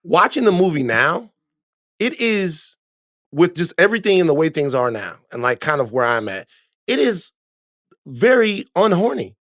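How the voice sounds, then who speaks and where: A man's voice: fairly high pitch, sing-song, moderate pace, fairly bright tone, dry recording, studio quality. Emphatic male guest, stumbling restarts. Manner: emphatic, stumbles and repeats words. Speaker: podcast guest. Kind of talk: casual movie podcast chat.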